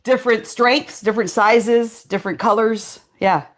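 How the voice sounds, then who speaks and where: A woman's voice: fairly high pitch, steady tone, moderate pace. A woman answering interview questions in a hesitant way, with many fillers and restarts. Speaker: interview guest.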